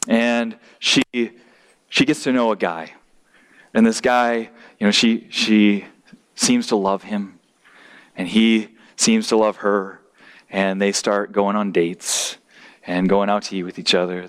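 Delivering a sermon, a man speaks with emphasis, restarting and repeating words often. At moments his voice climbs in both pitch and loudness.

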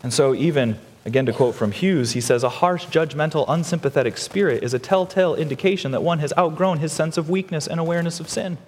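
A man preaching a sermon as pastor, animated, acting out the voices of the people he describes. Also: fairly high pitch, fast talker, few pauses. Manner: animated, acts out voices of others. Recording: long hall reverb.

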